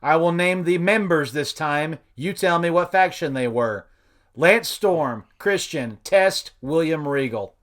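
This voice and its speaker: A man with a slightly high voice runs a podcast trivia game. He keeps things upbeat and breaks into laughter often. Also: a little slow, fairly bright tone. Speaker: game show host. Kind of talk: casual podcast game hosting.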